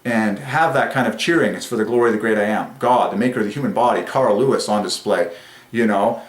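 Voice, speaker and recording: A man hosting a religious numerology channel, speaking in an excited monologue that swings between rapturous bursts and quiet musing. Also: lowish voice, fast talker, roomy sound.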